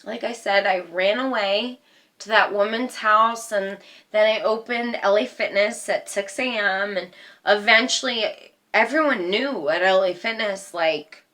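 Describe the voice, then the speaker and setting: Woman, mid-pitch, unhurried personal storytelling, halting with fillers. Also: bright, forceful tone. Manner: slow, halting retelling with many fillers. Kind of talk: personal life story, casual.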